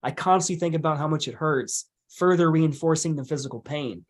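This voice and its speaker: Guy on a podcast, kinda high voice, blunt and emphatic, swears a lot. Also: brisk. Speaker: podcast guest, hypnotist. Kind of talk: casual conversation.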